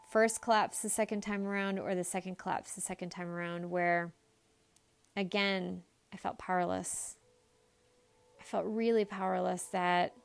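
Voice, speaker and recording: Woman podcast host, psychologist, candid and emphatic storyteller, smooth clear tone. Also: mid-range voice. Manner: candid and emphatic, with blunt swearing.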